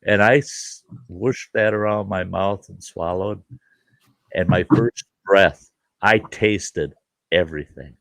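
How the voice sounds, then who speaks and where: A man's voice: deep voice, slow pace, vocal fry, fairly bright tone, no echo. A man hosting a casual show, telling folksy stories with laughs and acted-out quotes. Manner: folksy, laughing storyteller who acts out quoted voices. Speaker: show host. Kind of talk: casual storytelling chat.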